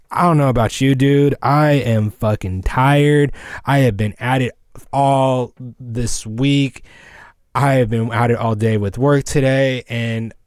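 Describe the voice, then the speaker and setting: A man's voice: mid-range voice, darkish tone, no room sound. A man co-hosting a casual podcast from a studio, rambling in a laid-back way and saying "dude" often. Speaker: podcast co-host. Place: small recording studio. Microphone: studio microphone.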